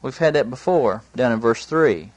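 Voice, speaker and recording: A man preaching a sermon, earnest, lifting his voice high when he quotes scripture. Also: expressive, normal speed, darkish tone, dry recording. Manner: earnest, rising pitch for emphasis, quotes scripture in a raised voice.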